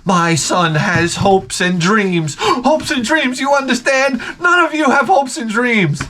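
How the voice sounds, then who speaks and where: A man doing a shrill scolding mother. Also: expressive, takes it slowly, fairly bright tone, exaggerated voice. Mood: indignant. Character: indignant mother scolding schoolkids.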